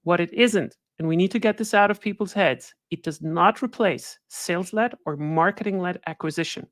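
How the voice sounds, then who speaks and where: A woman with a lowish voice, speaking at normal speed, gives a conversational webinar talk as guest speaker. The studio recording is clean with no room sound, and she keeps checking in with listeners by adding "right?"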